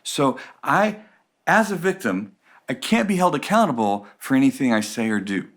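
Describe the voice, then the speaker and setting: A man's voice: medium pitch, very animated, moderate pace. A man teaching a relationships course in a conversational, playful way, acting out examples. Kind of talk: recorded course lecture.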